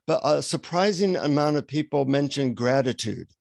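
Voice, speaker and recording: A man telling an animated anecdote as a guest on an interview show. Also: medium pitch, normal speed, gravelly, dry recording. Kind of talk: storytelling in an interview. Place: radio show recording.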